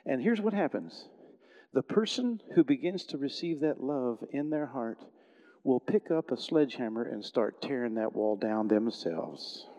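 A middle-aged man preaching a sermon in a conversational storytelling way, often restarting sentences and swinging between loud and soft. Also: medium pitch, long reverb tail. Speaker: pastor.

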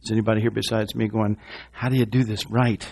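A middle-aged man preaching a sermon in a church, asking the congregation questions and moving between loud rousing lines and quiet low ones. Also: little pitch movement, quick pace, vocal fry, a little hiss or hum. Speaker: pastor.

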